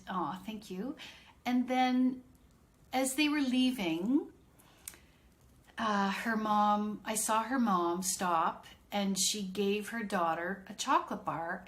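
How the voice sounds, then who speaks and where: Slow-spoken middle-aged woman telling a story. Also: mid-range voice. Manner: chatty, anecdotal, greets viewers by name. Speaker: autism consultant. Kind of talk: live-streamed storytelling talk to viewers.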